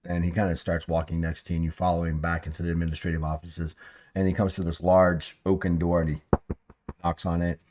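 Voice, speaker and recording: A man's voice: low-pitched, level tone, a little fast, a little mellow. A man narrating a tabletop game as game master, rambling with many fillers and restarts.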